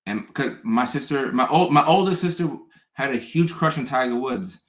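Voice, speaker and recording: Young man with a mid-pitched voice, rambling and casual, recorded in an echoey room. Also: lively intonation, normal speed, fairly bright tone. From Southern US. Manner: rambling, with frequent restarts and fillers. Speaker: content creator. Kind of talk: casual storytelling monologue. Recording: roomy echo.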